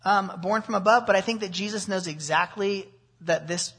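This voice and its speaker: A man's voice: high-pitched, normal speed, slightly rough. A man preaching an expository sermon, explaining a passage verse by verse and asking rhetorical questions. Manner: animated, with rhetorical questions and asides.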